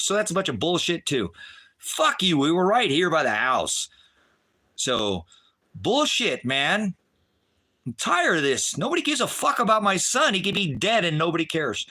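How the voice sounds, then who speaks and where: A middle-aged man ranting to his viewers in a profane, rambling way, swinging from low muttering to shouting. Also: big pitch swings, moderate pace. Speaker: livestreamer. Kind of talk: agitated direct-to-camera rant.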